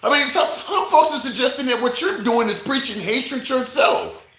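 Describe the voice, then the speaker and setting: A man's voice: very high-pitched, expressive, normal speed, sharp tone. A man hosting a provocative live interview, pushing back with challenging questions and reading out viewer comments. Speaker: livestream host. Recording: roomy echo.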